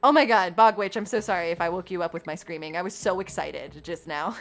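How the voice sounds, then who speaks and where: A young woman streaming a life-sim game, chatting to her viewers and often squealing with excitement. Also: fairly low pitch, fairly quick. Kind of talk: gaming livestream chat. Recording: faint background game music.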